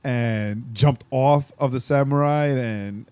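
A man co-hosting a podcast in casual chat, jokey and quick to riff and finish the other's sentences. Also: medium pitch, darkish tone, clean tone, no room sound. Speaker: podcast co-host.

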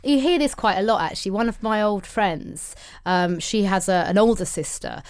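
A woman co-hosting a podcast in casual chat, chatty and quick to react. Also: medium pitch, a little mellow, no echo. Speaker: podcast co-host.

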